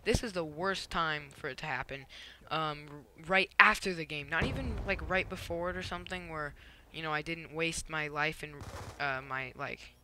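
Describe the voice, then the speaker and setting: A young man giving a casual gameplay commentary, telling a rambling, animated story with lots of "um" and "like". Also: fairly high pitch, background noise.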